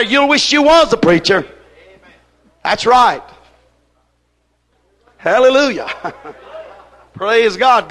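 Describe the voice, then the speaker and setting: A male preacher with a very high, bright, ringing voice delivers a sermon. He talks in a folksy, emphatic way, repeating himself for weight as he tells a story.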